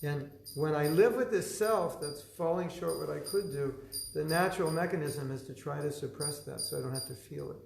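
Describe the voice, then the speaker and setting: A man's voice: on the high side, normal speed, creaky, roomy sound, over music, rough recording. A man giving a spiritual class in a conversational style, acting out the voices people use in their heads and often laughing. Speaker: spiritual teacher. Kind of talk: lecture reading from his own book. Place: lecture room.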